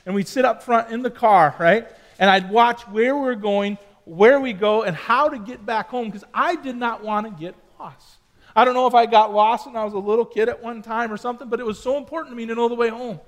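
A middle-aged youth pastor with a very high, brisk voice preaches a sermon to young cadets. He tells a personal story and adds chatty asides to his audience.

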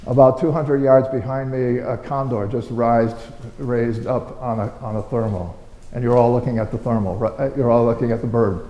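A man voicing a calm male park ranger who explains what a crowd is seeing, in a lower, settled tone. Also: moderate pace, muffled recording, natural voice. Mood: explaining. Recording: roomy with long hall reverb.

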